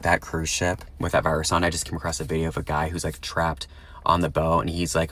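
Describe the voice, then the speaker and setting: A man's voice: rumbling low, completely flat delivery, fast talker, a bit bright. A man giving laid-back commentary and speaking straight to the listener. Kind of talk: casual commentary to camera.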